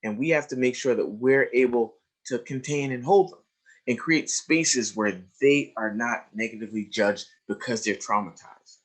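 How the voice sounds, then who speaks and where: A man with a voice of ordinary pitch gives a trauma lecture over a webinar. He tells stories emphatically, slowing and stretching key words, sinking to near-hushes and then lifting up, and keeps checking in with "right?". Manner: emphatic storyteller, swings between hushed and raised, stretched phrases; addresses listeners directly with "right?" and "you see?". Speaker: trauma educator presenting a webinar.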